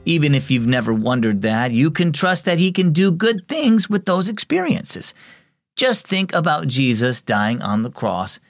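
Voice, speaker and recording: An earnest man reads a children's devotional story in an encouraging tone. The recording is dry and close, with soft music faintly underneath. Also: a little high, expressive, a little slow, dry recording. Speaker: devotional narrator. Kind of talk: scripted children's devotional narration.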